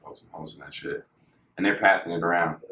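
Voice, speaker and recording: A man's voice: sits low, steady tone, fast talker, bright, forceful tone, slight background noise. A young man telling stories in a casual, slangy way, laughing as he goes. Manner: laid-back, slangy, laughs through stories. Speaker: podcast guest. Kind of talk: casual storytelling. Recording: echoey room.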